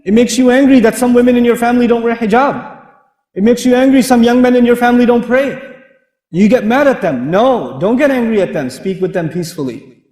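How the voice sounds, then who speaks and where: A man giving a lively Islamic lecture, an animated storyteller who laughs often as he talks. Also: very high-pitched, brisk. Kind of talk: lively sermon with humorous stories. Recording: echoey hall reverb.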